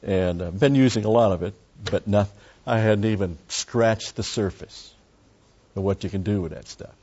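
An older man leads a relaxed Bible study, wandering into asides with plenty of "uh"s before slowing to read a verse aloud. His voice sits low. The recording is dull and lo-fi. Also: a little hiss or hum. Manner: rambling, folksy, with many digressions and "uh" fillers. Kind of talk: informal Bible teaching.

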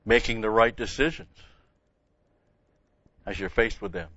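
An older male Bible teacher preaches emphatically, stressing key words and repeating phrases. His fairly low voice is unhurried, pushed and bright. The close, dry recording has no room sound but is muffled and lo-fi, with a dull quality.

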